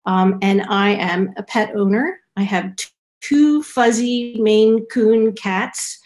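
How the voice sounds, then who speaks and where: A middle-aged woman, a researcher, casually telling a personal anecdote with small restarts. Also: mid-range voice. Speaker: researcher being interviewed.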